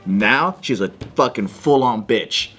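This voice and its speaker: A man's voice: medium pitch, animated, slow, a bit bright, faint music behind. A man co-hosting a podcast, chatting crudely and jokingly, acting out quoted people in funny voices. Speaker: podcast co-host. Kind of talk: casual podcast banter.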